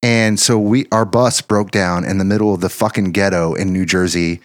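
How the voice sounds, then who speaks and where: A man's voice: low voice, moderate pace, no room sound. Profane storytelling man, dry close sound. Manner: profane, animated anecdote-telling with laughs. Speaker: band member telling tour stories. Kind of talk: casual storytelling chat.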